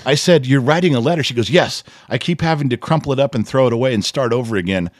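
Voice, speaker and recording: A middle-aged man co-hosting a casual podcast, telling a family story with lively, animated delivery and acting out what others said. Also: medium pitch, fast, no room sound, studio quality. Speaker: podcast co-host. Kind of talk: casual chat.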